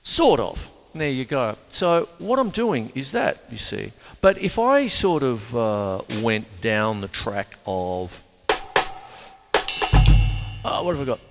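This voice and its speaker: A man's voice: mid-range voice, sing-song, takes it slowly, big-room sound, faint music behind. An Australian man giving a casual drum lesson, chatty and rambling, cracking jokes and saying "you see" a lot. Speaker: drum teacher. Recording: drum kit playing behind the voice.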